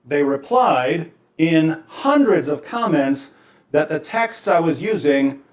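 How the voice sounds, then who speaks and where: Calm wry man in an echoey room. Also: a little high, slow pace, a little hiss or hum. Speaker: video creator. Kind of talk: explanatory monologue.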